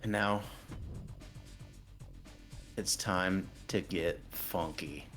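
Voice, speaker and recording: A man's voice: low-pitched, very slow, a bit bright, soft background music. A man narrating a wrestling video game in casual, crude, playful commentary.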